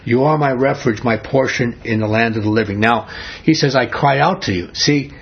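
A man teaching a Bible study, his voice husky and slightly breathy. He reads scripture passages aloud and keeps asking his listeners questions. The recording is dull and lo-fi. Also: medium pitch, moderate pace.

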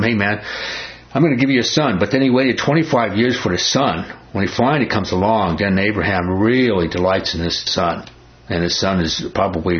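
A low-voiced man leads a Bible study in a folksy, emphatic way, throwing questions out to his group. The recording is muffled and lo-fi. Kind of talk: conversational Bible study teaching.

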